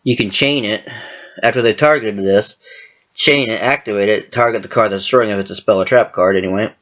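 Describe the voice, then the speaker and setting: A man's voice: lowish voice, brisk, a bit bright. A man hosting a card game channel, talking casually in an exasperated, profane rant. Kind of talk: casual vlog commentary. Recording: dull lo-fi home recording.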